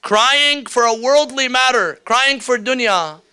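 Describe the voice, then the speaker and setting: Bright, clear-voiced male lecturer. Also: very high-pitched, lively intonation. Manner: explanatory, repeats key rulings, acts out quick examples. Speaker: religious teacher. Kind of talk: workshop lecture. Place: indoor hall or classroom with slides.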